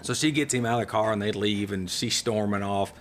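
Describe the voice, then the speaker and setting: A man, a retired race car champion, guesting on a podcast and telling stories with lively acted-out quotes. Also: on the low side, brisk, a little hiss or hum. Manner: animated storyteller, acts out others' lines. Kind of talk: casual storytelling interview.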